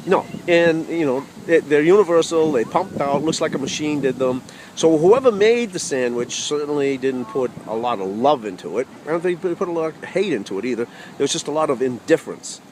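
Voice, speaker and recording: A man's voice: on the high side, animated, fairly quick, background noise. A man telling a humorous personal story with wry asides to the audience.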